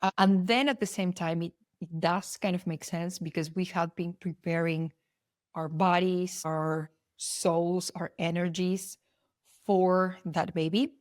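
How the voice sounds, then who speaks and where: A young adult woman hosts her own podcast, speaking in a fairly low voice. She talks earnestly and from the heart, often rambling and restarting her sentences. The recording is close and dry, with no room sound. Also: fairly even intonation, a little slow, no room sound. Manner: earnest and heartfelt, openly spiritual; loose and rambling with many restarts. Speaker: podcast host. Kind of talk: personal podcast monologue.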